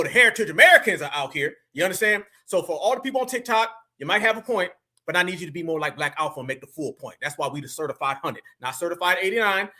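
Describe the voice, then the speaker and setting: A man's voice: sits high, sharp tone. A man hosting a live reaction stream, talking emphatically and mockingly with frequent laughter.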